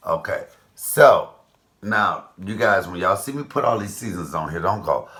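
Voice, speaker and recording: A man's voice: deep voice, expressive, normal speed, a bit bright. A man in his fifties hosting a casual cooking vlog, chatting to viewers with rambling asides. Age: 50s. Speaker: cooking channel host.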